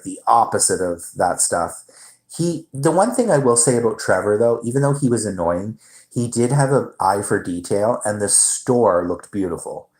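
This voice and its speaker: A man's voice: mid-range voice, low-quality recording. A man hosting his own livestream, chatting casually and telling a rambling story with some swearing. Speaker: livestream host.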